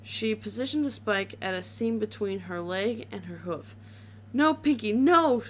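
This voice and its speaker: A woman's voice: mid-range voice, moderate pace. A woman reading a horror story aloud in a casual way, with small slips and restarts.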